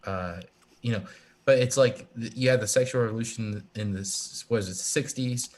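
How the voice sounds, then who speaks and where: A man's voice: mid-range voice, moderate pace. A man chatting casually on a live stream, rambling and swearing, with many restarts. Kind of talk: casual chat. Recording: echoey room with faint ambient noise.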